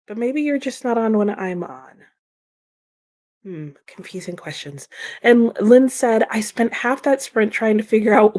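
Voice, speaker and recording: A woman's voice: medium pitch, a little mellow. A woman hosting a live reading stream, casually reading out viewer comments and answering them with frequent laughs, sounding a little sleepy this morning. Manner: chatty, giggly, reads comments aloud and answers viewers. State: sleepy, slow-brained morning.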